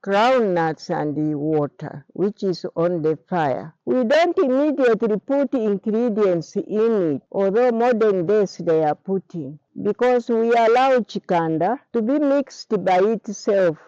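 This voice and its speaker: An older Zambian woman explains a traditional dish slowly and patiently. She takes her time over each step. The recording is dry and somewhat dull. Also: medium pitch, expressive, warm tone, no echo. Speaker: guest cook. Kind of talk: slow explanatory cooking talk.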